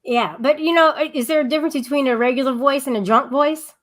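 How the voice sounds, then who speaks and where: A woman's voice: high voice, fast talker. A woman hosting a casual livestream chat, talking in a rambling, giggly way with frequent restarts. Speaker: livestream host.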